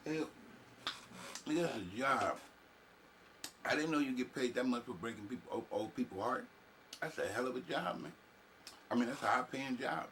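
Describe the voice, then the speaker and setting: A man hosting a reaction video, talking back at a clip in loud, crude, joking commentary. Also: medium pitch, lively intonation, moderate pace, pauses often, slight background noise. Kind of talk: profane casual commentary over a clip.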